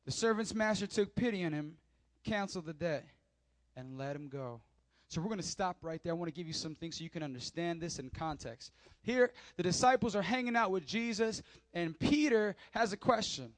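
A pastor delivering a sermon in church, animated, swinging between hushed asides and loud emphatic lines. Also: male voice, sits high, a little fast, dry recording. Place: church service.

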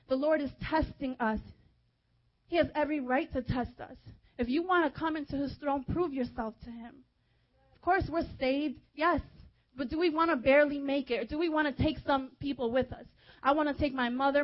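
A young woman preaching a fervent sermon, urging her listeners and dropping to a hushed tone at times. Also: high-pitched, moderate pace, lo-fi sound. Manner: fervent, exhorting, with hushed softer stretches.

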